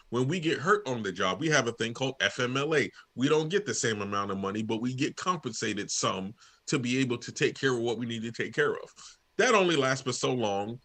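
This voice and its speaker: A man's voice: mid-range voice, pushed and bright. A man co-hosting a live sports talk stream, arguing his point in slangy, earnest casual chat and often restarting his sentences.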